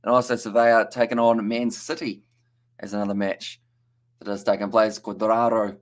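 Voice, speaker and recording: A man's voice: lowish voice, level tone, normal speed. A young man with a New Zealand accent giving casual live play-by-play commentary on a football match, chatting and reading out viewer comments between plays. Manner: chatty play-by-play, reads out viewer chat, stumbles on names.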